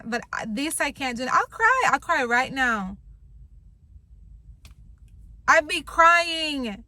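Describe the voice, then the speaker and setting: A woman's voice: on the high side, bright, forceful tone, dry recording. A young woman vlogging, venting bluntly and with plenty of swearing about wanting to quit her job. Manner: frustrated, blunt, swears a lot. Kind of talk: venting to camera.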